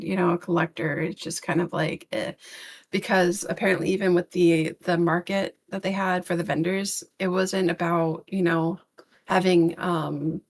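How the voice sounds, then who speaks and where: A woman with a low voice and a gravelly, fry-edged tone, talking through a loose podcast chat. She rambles, circles back over her own words and drops casual swears in blunt frustration. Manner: rambling, with many fillers and restarts. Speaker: podcast co-host.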